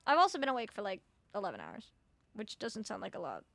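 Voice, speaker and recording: A woman's voice: medium pitch, huge pitch swings, fast talker, vocal fry, a bit bright. A young woman streaming a video game, chatting casually with her viewers, swearing freely and sounding sleepy. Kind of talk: casual gameplay chat.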